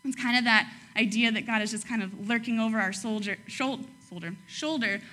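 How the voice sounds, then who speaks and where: Young woman, casual sermon, chatty, laughs often, bright tone. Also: a little high, brisk. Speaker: preacher.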